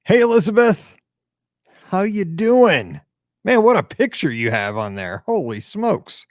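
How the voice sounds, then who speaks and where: A man's voice: a little high, huge pitch swings, unhurried, no echo, clean studio sound. A man hosting a live call-in podcast, chatting casually and greeting viewers one by one, sounding tired and humming to himself between remarks. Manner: chatty, upbeat, hums and mutters to himself. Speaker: podcast host.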